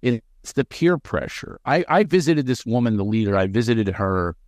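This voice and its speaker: A man talks as a podcast guest at an ordinary middle pitch. His delivery is animated and laced with sarcastic jokes. The sound is dry, with no room around it. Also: normal speed, no room sound. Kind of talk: podcast interview conversation.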